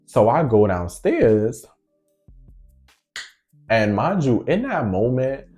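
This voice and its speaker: Guy telling a storytime real slow, slangy and animated, faint music behind. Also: mid-range voice. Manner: animated, slangy, acts out every side of the conversation. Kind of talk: casual storytelling.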